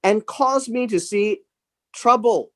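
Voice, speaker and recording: A man with a high voice teaches a Bible study class, reading verses and explaining Hebrew words. His speech is slow and halting, full of repeated words and fillers.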